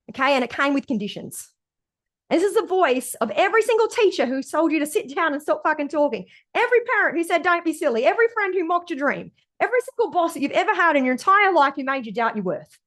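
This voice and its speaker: A woman's voice: high voice, fairly bright tone. A woman, a mindset coach giving a recorded masterclass talk, emphatic and sweary, often checking in with "okay?" and "right?".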